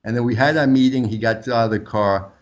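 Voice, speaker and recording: A man whose first language is French, a former undercover agent telling lively anecdotes as an interview guest. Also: brisk, dull audio. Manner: animated anecdotes, pitch jumps up when quoting. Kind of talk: storytelling interview answers.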